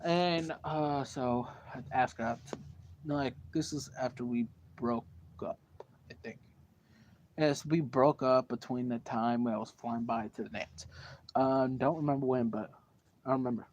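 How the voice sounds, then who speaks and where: Indoors at home, a rambling, profane teenage vlogger tells a casual story in an animated way, packed with fillers. His male voice sits at medium pitch and takes its time, captured in a dull lo-fi home recording with faint background noise.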